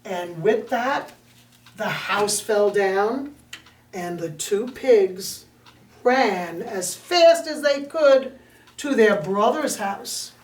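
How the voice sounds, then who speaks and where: Woman, children's storyteller, slow, lively pitch, roomy echo, distant mic. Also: a little hiss or hum.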